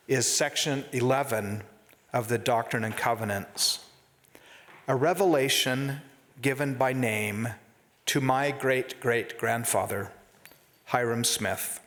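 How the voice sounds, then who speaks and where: A man giving a formal conference address in a slow, earnest and reflective manner. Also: mid-range voice, a bit bright, big-room sound. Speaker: conference speaker. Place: conference hall.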